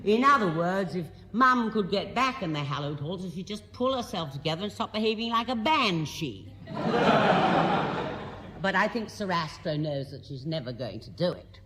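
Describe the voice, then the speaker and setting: A woman's voice: fairly low pitch, animated, a little slow, sharp tone, slight background noise. Wry older woman comedian in a concert hall. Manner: chatty, wry asides. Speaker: musical comedienne. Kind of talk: comic stage monologue. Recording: live recording in a large reverberant hall. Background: audience laughter.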